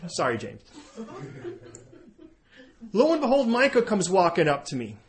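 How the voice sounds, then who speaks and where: A pastor preaches a sermon and tells an illustrative story, acting out both sides of the dialogue. He animates the tale by switching between the characters' voices. His voice sits high and his delivery is unhurried.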